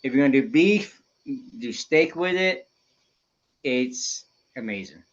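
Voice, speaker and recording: A man's voice: mid-range voice, lively intonation, slow. A man chatting as a guest on a casual podcast, emphatic and repeating himself as he explains. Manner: repeats phrases, emphatic, restarts often. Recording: dull lo-fi sound.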